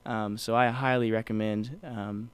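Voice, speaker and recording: A man's voice: lowish voice, steady tone, unhurried, clean tone, dry recording. A man co-hosting a podcast in casual chat, rambling with many fillers and restarts. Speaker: podcast co-host.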